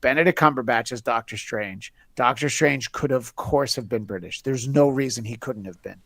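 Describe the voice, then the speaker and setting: A man's voice: medium pitch, moderate pace, a bit bright, no room sound. A man hosts a podcast in easy, rambling chat, slipping sarcastic jokes into his asides. His voice sits in an ordinary middle range. It is recorded close and dry, with no room sound. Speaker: podcast host. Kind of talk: casual chat.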